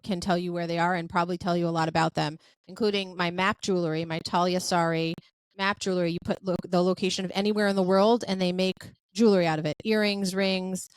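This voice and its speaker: A woman's voice: lowish voice, fast talker, clean tone, no echo. Chatty, effusive woman podcast host. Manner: chatty and effusive, with many "like" and "um" fillers; lively storyteller who acts out quoted dialogue. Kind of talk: casual podcast chat.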